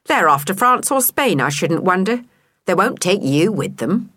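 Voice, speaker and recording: A woman's voice: fairly low pitch, big pitch swings, normal speed, a bit bright, no echo, studio quality. A woman voicing a scruffy male mongrel stray cat who needles and teases in a smug, knowing way.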